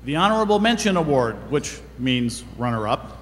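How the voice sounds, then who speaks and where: A man's voice: mid-range voice, sing-song, moderate pace, a bit bright. A man presenting awards at a dinner, reading the citations in an earnest, formal manner. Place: large banquet hall. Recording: reverberant hall with background noise.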